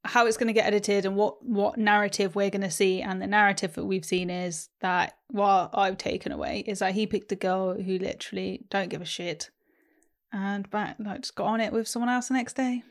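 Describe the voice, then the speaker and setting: Blunt woman co-host with strong opinions, relaxed chat. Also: medium pitch, brisk. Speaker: podcast co-host. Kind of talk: casual chat.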